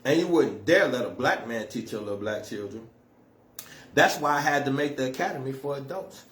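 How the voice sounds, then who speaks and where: A man's voice: mid-range voice, lively intonation, a little fast, a bit bright, a little hiss or hum. A man delivering a blunt, profane, scolding monologue as an activist speaker. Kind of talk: impassioned monologue to camera.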